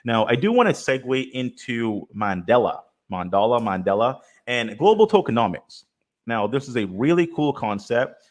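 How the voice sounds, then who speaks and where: A man's voice: medium pitch, big pitch swings, moderate pace. A man moderating a live crypto panel, who talks in a conversational way and steers the discussion to new topics.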